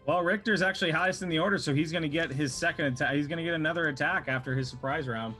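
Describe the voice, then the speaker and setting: A man with a somewhat high voice runs a tabletop game for his friends. He talks in a loose, casual way, laughs easily and swears now and then. Faint music plays behind him. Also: racing, sharp tone. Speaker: dungeon master.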